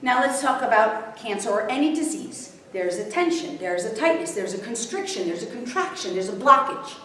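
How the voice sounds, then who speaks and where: Woman teaching a live group, high voice, keeps asking if the audience follows, distant mic, very echoey room. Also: animated, moderate pace, sharp tone, slight background noise. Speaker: spiritual workshop teacher. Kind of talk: live workshop talk to a group.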